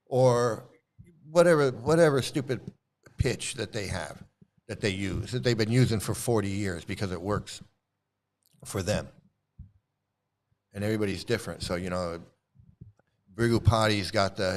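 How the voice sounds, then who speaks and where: A man's voice: medium pitch, animated, normal speed. Mocking, rambling male commentator. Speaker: online commentator. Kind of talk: critical commentary rant.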